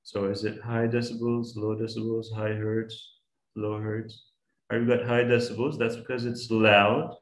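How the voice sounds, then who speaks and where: A man's voice: on the low side, flat delivery, a little slow, reverberant. A man giving an online science class to young students, patient and encouraging, asking them questions as he explains. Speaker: science guest speaker teaching kids.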